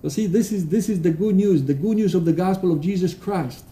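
A man preaching a sermon in a church, earnest and halting, with restarts and fillers, reading quotations aloud with emphasis. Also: high-pitched, dark tone. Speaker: pastor. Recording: roomy echo.

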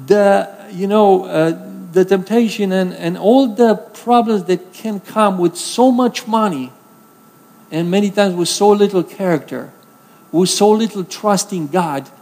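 A man from Romania preaches in an earnest, conversational style, his voice sitting notably high for a man. His words ring out with a long reverb, as if carried through a large hall. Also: mellow. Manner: earnest, conversational preaching with emphatic scripture reading. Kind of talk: sermon.

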